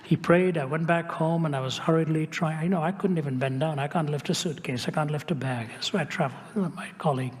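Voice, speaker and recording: An older man preaching a storytelling sermon in a conversational way, sinking into hushed tones at solemn moments. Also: on the high side, quick pace, hardly any pauses. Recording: reverberant hall.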